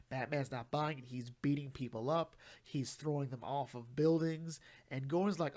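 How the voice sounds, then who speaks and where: Chatty guy recapping comics, slightly high voice, does little voices for the characters. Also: moderate pace, hardly any pauses, darkish tone. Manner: chatty, acts out characters' lines. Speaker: comic book reviewer. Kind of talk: casual comic review.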